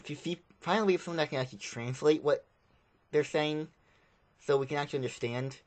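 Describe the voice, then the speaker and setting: A man's voice: fairly high pitch, brisk. A man giving a casual, rambling spoken review of a film, often repeating himself.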